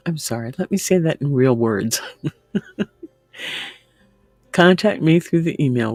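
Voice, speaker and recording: Her voice is a rumbling low and a little mellow, recorded with no room sound in a home room with an open window. As a livestream host, she reads viewer comments and chats casually, laughing a lot and now and then slipping into a whisper.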